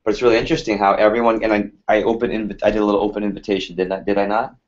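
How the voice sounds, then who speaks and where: Racing along in a low, flat voice, a man in his thirties gives a motivational workshop talk to a sales team. He's casual and energetic, peppering the room with rhetorical questions, captured in slightly muffled lo-fi audio.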